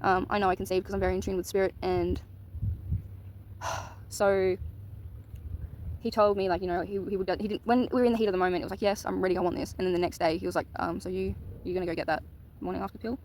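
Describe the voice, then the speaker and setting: A woman's voice: on the low side, fairly even intonation, quick pace, a little mellow, slight background noise, rough recording. A woman telling a personal story in a casual, candid monologue, swearing casually. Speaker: vlogger.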